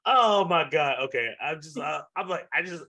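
A man, the host's brother, chatting casually as a guest and slowly interjecting with laughing questions. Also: a little high, lively intonation, background noise. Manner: slow, laughing, apologetic interjections. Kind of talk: casual chat.

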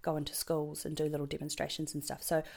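A woman from New Zealand talks casually as an interview guest, her voice sitting very low for a woman. She speaks with a New Zealand accent, wanders through her story with frequent ums, repeated words and self-corrections, and laughs at her own jokes. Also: monotone, fast talker, gravelly, darkish tone. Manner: rambling, full of ums and restarts.

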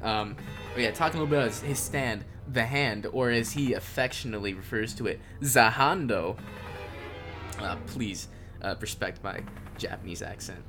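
A young man co-hosting a podcast, talking in a relaxed, joking way with fillers. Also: lowish voice, brisk. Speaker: podcast co-host. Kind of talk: casual chat. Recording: clear music underneath.

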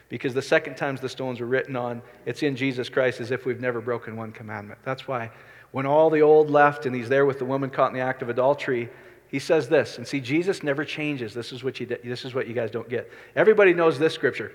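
A man's voice: mid-range voice, fast. A middle-aged man preaching a sermon as a pastor, talking conversationally and asking the congregation questions. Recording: reverberant hall.

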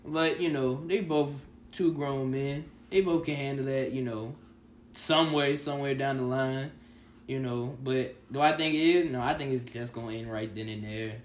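Male podcast co-host, relaxed sports talk, echoey room sound. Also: mid-range voice, moderate pace, slight background noise. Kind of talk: casual sports chat.

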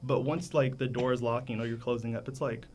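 A man co-hosting a podcast, telling a story in relaxed casual chat and acting out how he spoke at work. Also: mid-range voice, fairly quick, slight background noise. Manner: relaxed storytelling, acts out voices. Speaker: podcast co-host.

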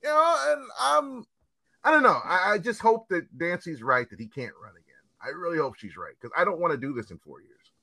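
A bright, sharp-voiced man rants through a casual podcast chat, swearing and hammering his points. His pitch leaps around freely, and the sound is close and dry with no room around it. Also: a little fast, creaky, no echo. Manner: animated, profane, emphatic ranting.

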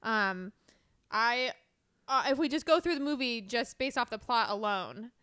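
A sarcastic woman co-hosting a podcast, chatting casually and often breaking into laughter. Her voice sits a little high, and the close mic keeps it dry with no room sound. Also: lively intonation, a little slow, pushed and bright, smooth, dry recording. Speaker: podcast co-host. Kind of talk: casual chat.

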